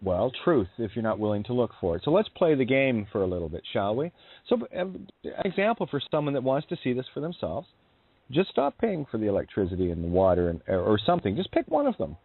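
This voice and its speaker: A man's voice: medium pitch, big pitch swings, fast, husky, no room sound. A man hosting a radio talk show, chatting earnestly and effusively about spiritual ideas. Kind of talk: casual radio chat. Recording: dry tinny phone-like line.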